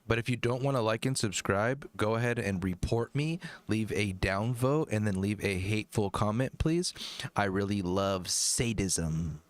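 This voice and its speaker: A man's voice: lowish voice, a little slow, no echo. A man streaming live, making crude jokes over a video and drinking as he talks. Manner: crude joking, sudden loud yells. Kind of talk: casual livestream commentary.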